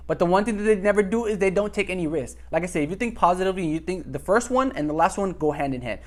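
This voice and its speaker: A young man giving casual dating advice to camera, rambling and repeating himself as he acts out bits of dialogue. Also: fairly high pitch.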